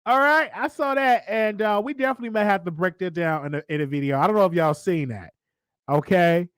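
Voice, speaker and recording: A talkative man with a Southern US accent hosts a call-in show, circling back to his points and laughing between them. His voice sits a little high for a man. The sound is dry and close. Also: fairly quick, a bit bright, smooth, no room sound. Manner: chatty, repetitive, laughs often. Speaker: talk show host. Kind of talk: casual live call-in commentary.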